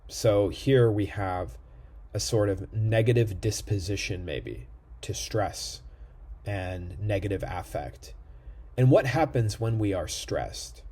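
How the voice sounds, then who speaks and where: A man's voice: lowish voice, expressive, slow, mellow, slightly rough. A man giving a recorded lecture, explaining step by step and checking in with "right?" often. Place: indoor room near a street.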